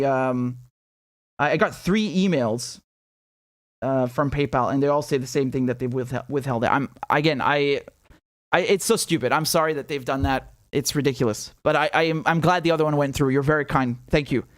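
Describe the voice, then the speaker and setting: Brisk and a little high, his voice keeps a fairly even intonation in a dry, studio-quality recording. He's a young man and independent commentator hosting a live political stream, heated, sarcastic and foul-mouthed, stumbling through restarts while reading donation messages to viewers.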